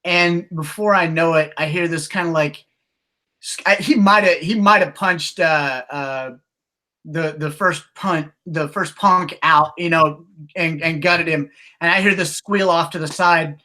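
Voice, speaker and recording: A man co-hosting a podcast, telling stories in casual chat, halting and restarting often and acting out quotes with animation. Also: a little high, pushed and bright. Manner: halting storytelling with many restarts. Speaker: podcast co-host.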